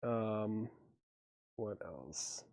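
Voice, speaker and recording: Brisk man auctioning records on a live stream. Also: on the low side, lively intonation, darkish tone, no room sound, studio quality. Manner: brisk listing of items and prices, thinking aloud. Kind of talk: live sales stream patter.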